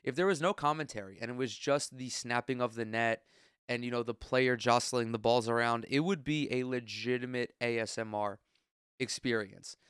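Congested guy ranting on his sports podcast, swears a lot, smooth clear voice, dead dry room, close mic. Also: mid-range voice, fairly even intonation, normal speed, fairly bright tone, no echo. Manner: blunt, profane, exasperated ranting. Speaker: podcast host. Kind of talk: solo sports opinion podcast.

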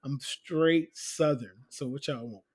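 A man co-hosting a podcast in casual chat, joking around with loud bursts and frequent laughs. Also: medium pitch, slow pace, slightly rough. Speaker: podcast co-host.

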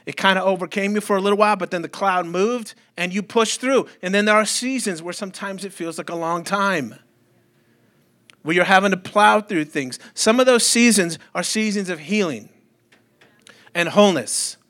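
A man's voice: sits high, normal speed, a bit bright. A man pastor preaching a sermon in a church, conversational and humorous, with frequent rhetorical questions to the congregation.

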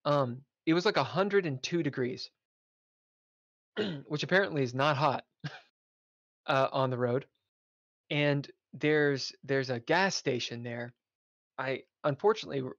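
A man's voice: mid-range voice, a bit bright, no echo. A man, a podcast guest, telling a casual road-trip story with swearing and laughter. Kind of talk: casual chat. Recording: dull lo-fi audio.

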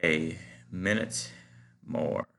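Male podcast host, deep voice with fry, rambling halting monologue. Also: pushed and bright. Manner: musing, meandering, halting with many fillers. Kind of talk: casual rambling solo monologue.

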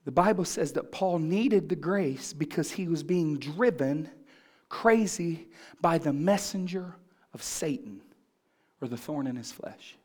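A man's voice: on the high side, animated, measured pace, darkish tone. A man pastor preaching a sermon, asking the congregation questions and building in fervor.

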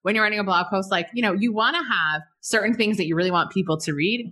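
A woman guest on a podcast, talking about email marketing in a bubbly, animated way, often laughing and acting out examples. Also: mid-range voice, quick pace. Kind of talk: casual podcast conversation.

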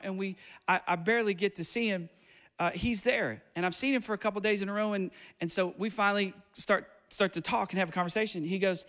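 A man's voice: sits high, bright, forceful tone, long reverb tail. A man preaching as pastor, passionate, with rising emphasis and repeated phrases, speaking in a church sanctuary. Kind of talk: sermon.

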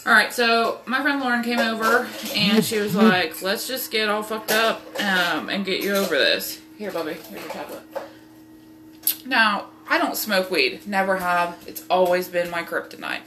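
A young woman hosting a podcast tells a rambling, profane story about her own life, packed with fillers. Her voice is mid-range, she speaks at a normal speed, and she pauses little.

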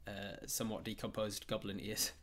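A man's voice: lowish voice, little pitch movement, moderate pace, a bit bright. A man narrating a tabletop game as game master, rambling with frequent fillers and restarts.

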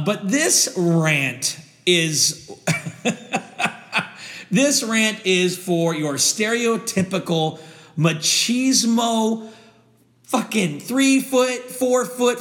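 A man hosts a solo comedy podcast, ranting heatedly with heavy swearing and frequent laughter. His voice is high and a bit bright, and he sounds as if he's in a large hall.

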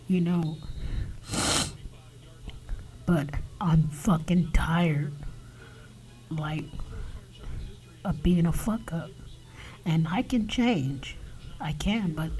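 A man talking alone on his podcast in a halting confessional monologue, often dropping to a whisper and swearing. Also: fairly high pitch, mellow, rough recording. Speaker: podcast host.

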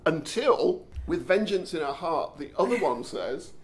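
A man's voice: on the high side, big pitch swings, measured pace. A man hosting a podcast, telling a story with enthusiasm and frequent stumbles and restarts. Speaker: podcast host. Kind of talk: casual storytelling commentary.

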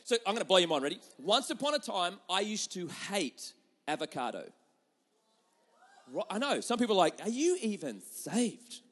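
A young adult man preaching a sermon, telling stories with lively swings between loud and hushed delivery. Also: high-pitched. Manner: animated storytelling with quick shifts between loud and hushed. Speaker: pastor.

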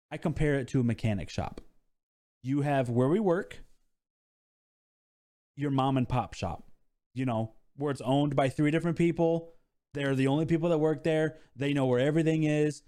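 Animated man telling stories. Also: moderate pace, long pauses. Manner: animated storyteller, expressive pitch swings. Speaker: podcast co-host. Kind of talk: casual chat.

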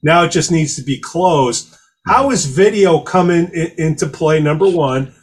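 A man who calls himself an old-school salesman, asking a direct, brisk question. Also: fairly high pitch. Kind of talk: casual conversation.

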